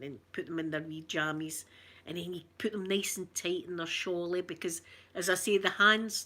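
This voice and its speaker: Bright-voiced chatty Scottish woman. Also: fairly low pitch. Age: middle-aged. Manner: chatty, rambling storyteller reading out viewer comments. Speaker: ASMR streamer. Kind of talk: casual live chat.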